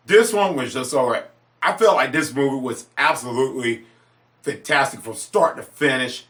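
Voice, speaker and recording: An excitable man talks through his movie rankings in a loose, rambling monologue, circling back on his words. His voice is bright and pushing, and it leaps into high yelps whenever he gets carried away. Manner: excitable, gushing, repeats himself, sudden high-pitched exclamations. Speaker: movie reviewer.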